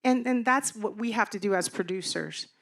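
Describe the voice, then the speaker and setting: Woman, producer, gravelly voice, earnest, repeats for emphasis. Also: medium pitch, moderate pace. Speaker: producer on a panel. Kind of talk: panel talk.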